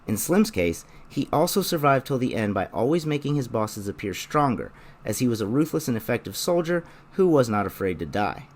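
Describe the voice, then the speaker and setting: Measured male video essay narrator. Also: medium pitch, big pitch swings, slight background noise. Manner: measured, explanatory. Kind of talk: scripted narration.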